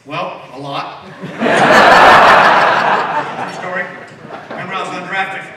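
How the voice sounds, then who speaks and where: Slow and high-voiced, this former ballplayer in his forties rambles animatedly through stories at a banquet, often restarting, then takes questions from the crowd. He's recorded from a distance in an echoing hall with heavy background noise.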